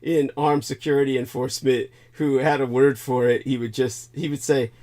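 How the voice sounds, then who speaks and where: A man's voice: mid-range voice, fairly even intonation, darkish tone. Rambling man hosting a livestream. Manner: rambling, halting with many fillers, bursts of laughter. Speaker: livestream host. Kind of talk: casual livestream chat.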